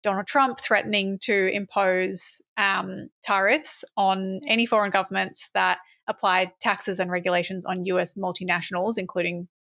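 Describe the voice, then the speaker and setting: A young woman in casual political chat, her voice pitched in the middle range. She talks in a loose, chatty way, laughs easily and swears here and there. The recording is close and dry. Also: little pitch movement, normal speed, gravelly, few pauses, sharp tone, no echo. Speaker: podcast co-host.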